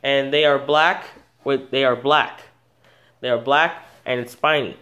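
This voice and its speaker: A man's voice: mid-range voice, fairly even intonation, a little slow, sharp tone, clean tone, highs cut off. A man hosting an animal video channel, talking casually off the cuff, rambling with many false starts and self-corrections. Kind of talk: casual unscripted animal talk.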